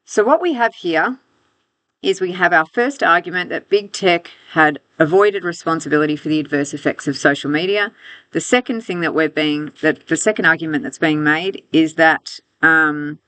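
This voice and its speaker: A woman's voice: sits low, moderate pace, a bit bright, no echo. A woman teacher walking students through a reading text, thinking aloud with restarts and rhetorical questions, on a close mic.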